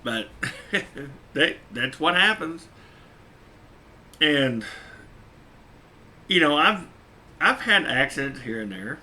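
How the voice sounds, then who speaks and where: A man's voice: fairly high pitch, very animated, slow, long pauses, pushed and bright. A man who drives a truck, telling a story casually, chuckling often and repeating his points for emphasis.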